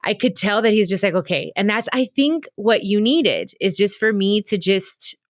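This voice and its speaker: A woman's voice: mid-range voice, animated, moderate pace, no echo, clean studio sound. A woman in her thirties hosting a podcast, talking about her marriage in a candid, emotional way and speaking straight to her listeners. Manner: emotional, confiding, addresses listeners directly. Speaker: podcast host. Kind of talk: candid casual chat.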